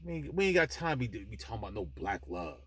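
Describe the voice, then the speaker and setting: A man's voice: lowish voice, very animated, fast talker, a bit bright, breathy edge. A man hosting his own vlog, delivering a blunt, emphatic, preachy monologue with frequent restarts, speaking from an airport. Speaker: vlog host. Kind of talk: impassioned monologue to the camera.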